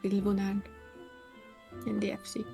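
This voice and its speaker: Woman on a voice call, soft and giggly, teasing, mid pitch, faint game music. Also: monotone, moderate pace, gravelly. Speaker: friend on voice chat. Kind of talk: casual chat over voice call.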